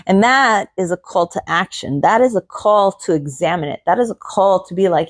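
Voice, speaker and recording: A woman's voice: lowish voice, normal speed, hardly any pauses. A middle-aged woman hosting a podcast, giving an earnest motivational monologue full of repeated phrases and rhetorical questions. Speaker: podcast host.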